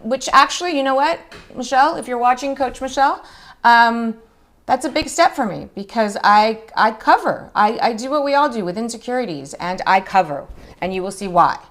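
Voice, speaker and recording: A woman in her forties hosting a live skincare chat, talking in an emotional, chatty way, her voice jumping high when she greets viewers. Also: lively intonation, moderate pace, a bit bright. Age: 40s. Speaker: beauty show host.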